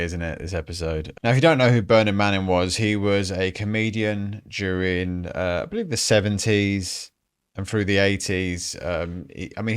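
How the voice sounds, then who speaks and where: A man's voice: low voice, smooth. A man hosting a casual commentary show, chatty and frank, swearing freely and laughing often. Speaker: podcast host.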